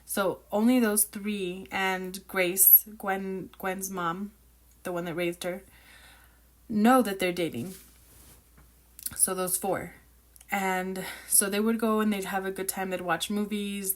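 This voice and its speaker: A woman chatting casually about a novel she is reading, excitable, opinionated and rambling as she reacts. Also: mid-range voice. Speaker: book reviewer reacting while reading. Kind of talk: casual book reaction chat.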